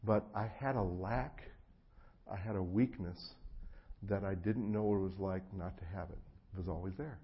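A middle-aged man preaching a sermon, telling personal stories, acting out the voices of the people in them and swinging from hushed tones to loud bursts. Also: deep voice, normal speed, slightly rough, dull audio. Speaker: pastor. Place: church hall before an audience.

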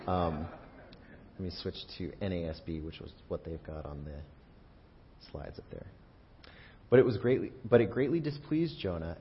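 A man preaching in a church, retelling scripture in a conversational, humorous, animated way. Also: slightly rough. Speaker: pastor. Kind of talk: sermon. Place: church sanctuary. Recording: dull audio with faint rumble.

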